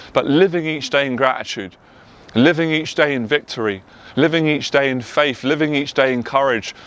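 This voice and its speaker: London guy, motivational speaker, earnest and emotional, pitch sits in the middle. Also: fairly bright tone. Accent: London English. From England. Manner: earnest, emotional, repetitive emphatic phrasing. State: tearful at times. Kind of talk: personal testimony monologue.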